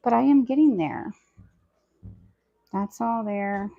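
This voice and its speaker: Casual, chatty woman who talks to herself and viewers while doing chores at home, raspy gravelly edge. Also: on the high side, slow, narrow, tinny audio. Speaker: homestead lifestyle vlogger. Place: at home, indoors.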